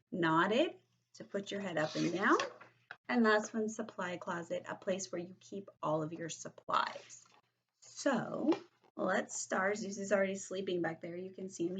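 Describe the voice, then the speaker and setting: A woman teacher reading a story aloud to young children, explaining vocabulary in a gentle, questioning way. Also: lowish voice, a little hiss or hum, low-quality recording. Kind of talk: read-aloud vocabulary lesson.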